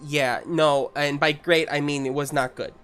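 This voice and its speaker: A man's voice: fairly high pitch, fairly even intonation, normal speed, fairly bright tone, faint music behind, close to an everyday voice. A man voicing a gossipy, tired woman nurse in her fifties, chatty and complaining in a tabletop role-play.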